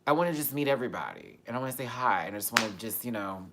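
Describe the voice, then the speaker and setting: A man's voice: mid-range voice, very fast, vocal fry. Candid, swearing man on a live Q&A. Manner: candid, expressive, swears freely; swings between loud animated bursts and soft, quiet asides. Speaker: YouTube host answering viewer questions. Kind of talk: casual live-stream Q&A chat.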